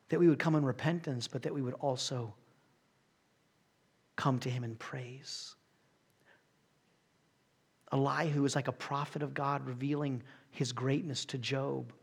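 A man's voice: medium pitch, steady tone, unhurried, vocal fry, long pauses, breathy edge. A man preaching a sermon as pastor, in a dramatic, emphatic style.

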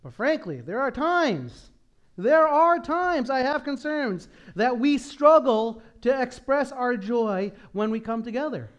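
A male pastor preaching a sermon in a church, moving from hushed prayer to loud, emphatic exhortation. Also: extremely high pitch, animated, takes it slowly, dull audio. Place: church sanctuary.

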